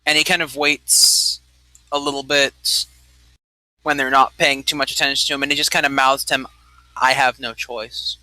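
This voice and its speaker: A man's voice: fairly high pitch, flat delivery, moderate pace, bright, forceful tone, dry recording, poor audio. A man narrating as game master of a tabletop game, loosely describing scenes with many fillers.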